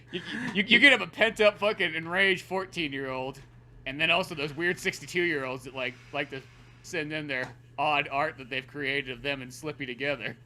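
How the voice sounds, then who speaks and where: A man co-hosting a casual podcast, talking in an animated way, swearing often and slipping into goofy voices. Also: a little high, normal speed, slight background noise. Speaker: podcast co-host.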